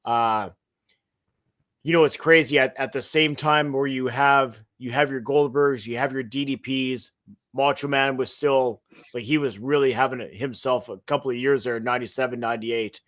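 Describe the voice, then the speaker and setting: Male podcast co-host, average pitch, emphatic and animated, trips over restarts. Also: normal speed. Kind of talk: casual wrestling history chat.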